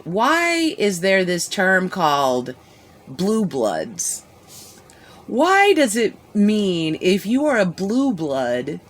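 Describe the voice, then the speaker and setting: A woman giving a rambling live reaction, musing aloud with rhetorical questions and soft giggles. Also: fairly low pitch.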